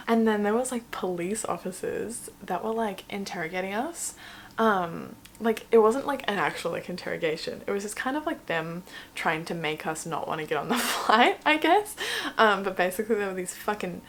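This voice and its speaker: A woman's voice: on the low side, brisk, fairly bright tone, a little hiss or hum. A young woman with an Australian accent, telling a story in a casual, chatty vlog, full of swearing and "like". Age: young adult. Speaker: vlogger.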